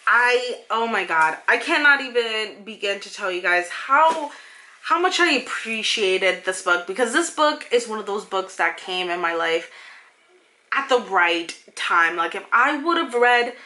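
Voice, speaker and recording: A woman's voice: medium pitch, expressive, a little slow, pushed and bright. A young woman reviewing her favorite books in a casual vlog, gushing and emotional as she talks straight to her viewers, with many fillers and sudden bursts of speed. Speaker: book reviewer.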